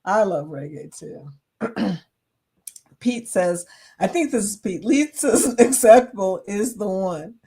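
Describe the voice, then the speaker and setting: A woman's voice: medium pitch, expressive, takes it slowly, mellow, slightly rough. A woman from Chicago hosting a casual live chat, reading viewers' comments aloud and laughing often. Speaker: livestream host reading chat.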